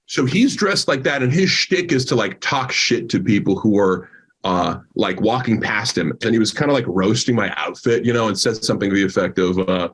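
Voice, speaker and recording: Husky man telling a rambling story. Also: on the low side, brisk. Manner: rambling, full of "like" fillers. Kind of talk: casual storytelling.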